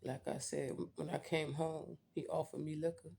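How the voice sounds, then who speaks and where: A woman's voice: low voice, little pitch movement, moderate pace, creaky, warm tone, slight background noise. A woman vlogger telling a personal story in a blunt, profane, candid way, talking straight to her viewers.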